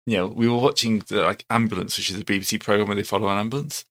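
Easygoing stoke guy running the game, lowish voice. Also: very fast, fairly bright tone. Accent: Stoke-on-Trent. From Stoke-on-Trent, England. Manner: laid-back, casual. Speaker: game master.

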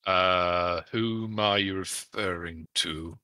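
A man's voice: deep voice, slow pace, pushed and bright, no echo. A man playing a tabletop game over voice chat, playful and joking with the group. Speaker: player.

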